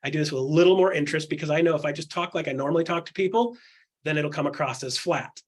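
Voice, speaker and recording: Husky, punchy real estate coach. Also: male voice, fairly high pitch, fast. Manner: acts out quotes in other voices; punchy, rhetorical questions. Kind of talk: candid coaching chat.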